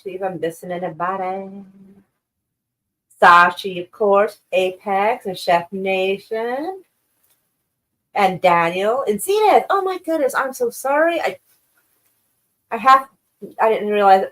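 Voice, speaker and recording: A woman's voice: medium pitch, animated, unhurried, long pauses, a bit bright. A woman hosting a live stream and chatting casually with her viewers. She rambles, gushes over the chat and swears freely. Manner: effusive, profane, rambling.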